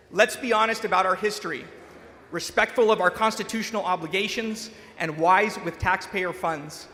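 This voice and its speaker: Man, state legislator, earnest floor speech, high voice, long chamber reverb. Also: pushed and bright. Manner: earnest, measured argument with small restarts. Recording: long reverb of a large hall.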